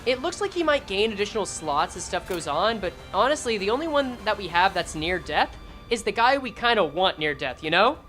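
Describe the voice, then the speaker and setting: A woman's voice: mid-range voice, big pitch swings, a little fast, a bit bright, soft background music. A woman streaming a game, reading skill text aloud and joking sarcastically with her chat.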